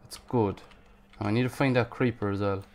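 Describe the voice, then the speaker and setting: A man giving casual gameplay commentary, panicking, swearing and yelling at enemies. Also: fairly low pitch, steady tone, a little fast, slight background noise. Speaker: gaming YouTuber.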